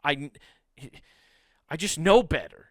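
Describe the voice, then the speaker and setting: Fairly high-pitched and sing-song, this man in his thirties takes it slowly as he hosts his comedy podcast. He rants profanely through a comic monologue and acts out little bits in a raised voice, recorded at studio quality with no echo.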